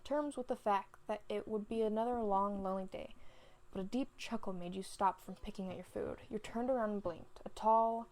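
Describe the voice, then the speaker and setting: Woman with a gravelly, creaky voice. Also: medium pitch, normal speed, a little mellow, rough recording. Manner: casual, stumbles over words, self-corrects. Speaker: fanfiction reader. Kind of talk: casual fanfiction read-aloud. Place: home.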